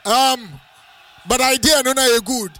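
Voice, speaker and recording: A man giving analysis during a radio football broadcast, speaking analytically and often filling pauses with "you know". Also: extremely high pitch, steady tone, bright, forceful tone. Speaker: match analyst.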